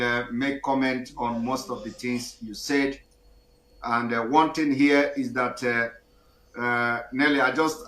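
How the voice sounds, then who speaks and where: A man at a middle pitch hosts a call-in show, calm and halting, stopping often on fillers. His voice is bright, and the room around him is echoey. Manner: hesitant, many fillers and restarts, calm. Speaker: host. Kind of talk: talk show hosting. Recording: roomy echo.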